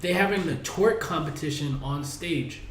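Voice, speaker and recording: A man's voice: fairly high pitch, normal speed, fairly bright tone. A young man casually telling a spring break story on a podcast in loose slang. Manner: laid-back slangy storytelling. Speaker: podcast co-host. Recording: echoey room with faint background noise.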